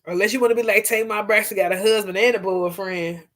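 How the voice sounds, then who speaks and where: A woman hosting a casual gossip vlog, animated and profane, laughing and talking straight to her viewers. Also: medium pitch, fast talker, few pauses. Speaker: vlog host.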